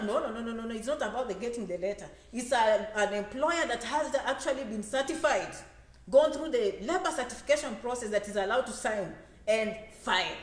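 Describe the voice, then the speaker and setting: A woman giving a lively motivational talk on immigration to an audience. She acts out quoted voices and repeats phrases for emphasis. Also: on the high side, a little fast. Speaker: immigration advisor and speaker. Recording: echoey room.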